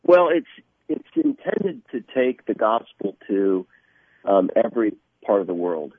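A man speaking as a guest in a radio interview, earnest and halting, often restarting his sentences. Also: on the low side, big pitch swings, breathy edge, no room sound. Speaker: guest from an evangelistic ministry. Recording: tinny phone line.

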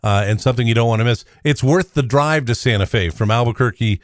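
A man hosting a live talk radio show, speaking in a halting way with many fillers. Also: medium pitch, dry recording, studio quality. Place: radio studio. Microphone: studio microphone.

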